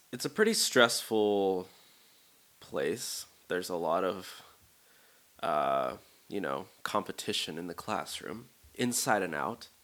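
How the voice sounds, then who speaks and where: A man's voice: low-pitched, bright, forceful tone. A young man in his twenties hosting a casual solo podcast, rambling and self-deprecating with lots of fillers. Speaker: podcast host.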